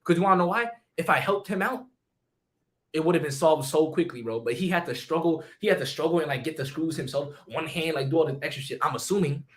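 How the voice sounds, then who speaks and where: A young man streaming, telling a story in casual slang, swearing a lot and often repeating and restarting his phrases. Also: on the high side. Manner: rapid, profane slang, lots of repeats and restarts.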